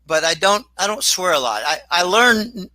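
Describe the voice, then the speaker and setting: A man talking as a guest in a casual interview, rambling and animated, with sudden exclamations. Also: high-pitched, moderate pace, no room sound, low-quality recording. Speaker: guest commentator.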